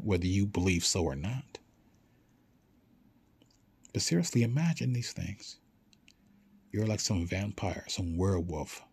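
A man talking casually and with excitement, swearing now and then and acting out short back-and-forth exchanges as he urges listeners to imagine things. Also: lowish voice, husky. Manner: animated, swears casually, acts out quick dialogues. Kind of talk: casual motivational monologue.

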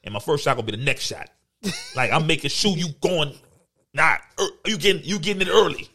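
Fast-talking brash man, stammering. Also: on the high side, very animated, creaky, sharp tone. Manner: brash and boastful, stammers and repeats words. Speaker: podcast co-host. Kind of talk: casual chat.

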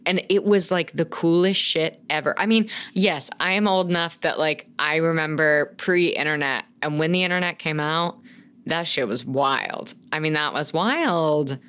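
A woman's voice: deep voice, measured pace, fairly bright tone, clean tone. A woman in her thirties co-hosting a podcast, rambling and gushing in casual chat and swearing freely. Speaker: podcast co-host.

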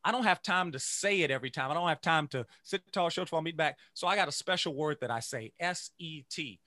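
A man who teaches music, giving an energetic motivational talk to teachers and chanting phrases in rhythm. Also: fairly high pitch, fairly quick, no room sound, clean studio sound. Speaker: music educator.

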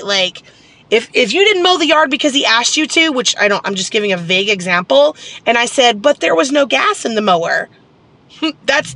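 A woman's voice: fairly high pitch, sharp tone, a little hiss or hum. A woman telling a personal story in a casual, candid vlog, rambling and venting with lots of fillers. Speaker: vlogger.

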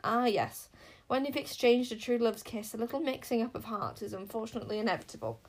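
A woman's voice: fairly high pitch, lively intonation, fairly quick. A woman voicing an irritable, haughty witch queen who scolds sharply. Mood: irritable scolding.

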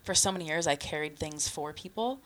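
A woman's voice: low-pitched, brisk, fairly bright tone. A woman co-hosting a casual podcast, thinking aloud in a hesitant, reflective way with many fillers.

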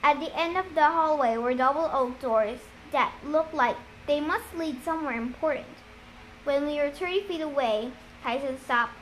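A woman reading a novel aloud in a steady, deliberate storytelling manner. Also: high-pitched, slight background noise, rough recording. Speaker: reader. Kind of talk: audiobook-style reading of a novel.

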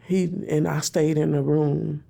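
A woman's voice: low voice, little pitch movement, a little slow, gravelly, warm tone. A woman telling an emotional personal story in plain, repeated phrases, speaking her prayers aloud.

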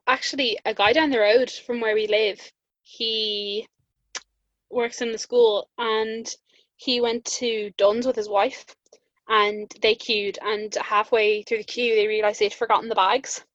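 A woman's voice: fairly high pitch, a bit bright, no echo, muffled recording. A young woman with an Irish accent, chatting casually and telling stories full of "like" fillers and laughter. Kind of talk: casual chat.

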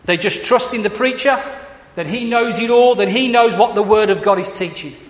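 A man's voice: high voice, normal speed. A man preaching a sermon, emphatic, repeating words for stress and asking rhetorical questions. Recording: echoey hall, dull lo-fi sound, faint hiss.

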